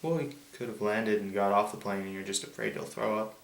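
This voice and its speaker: A man with a fairly low voice hosts a loose, joking chat. He reads out a list in a slow, mock-formal drawl. The sound is echoey, as if recorded in a bare room. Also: vocal fry. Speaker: host. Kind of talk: casual comedic chat.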